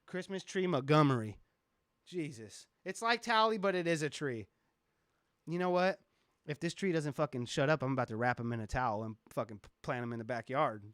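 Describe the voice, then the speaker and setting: A man's voice: on the high side, fairly quick, a bit bright, no echo, studio quality. A man who produces music, hosting a casual live stream, rambling, joking and swearing a lot. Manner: profane, rambling, joking with chat.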